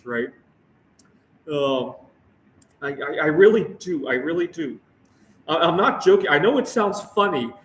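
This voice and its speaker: A young man rants on his own show with a slightly high voice. He stammers, repeats himself and keeps checking in with "right?". He sounds set back from the mic in a bare, echoey room with a faint hum behind him. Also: far from the mic. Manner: halting, repeats words, asks "right?" often. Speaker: show host. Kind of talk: casual rant to camera. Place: Phoenix area, United States.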